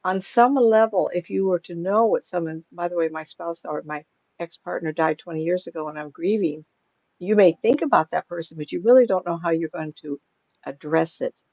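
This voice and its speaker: A woman's voice: lowish voice, moderate pace, darkish tone, dry recording, dull audio. An older woman, a psychic medium, chatting casually in an interview, rambling through stories and laughing often.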